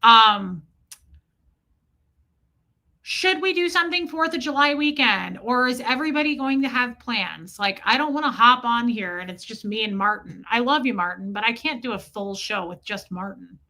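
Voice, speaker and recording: A woman hosts a casual livestream, talking loosely to her viewers and reading their names and comments aloud. Her voice sits a little high with a bright, forward edge. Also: brisk, few pauses. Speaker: livestream host. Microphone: streaming setup mic.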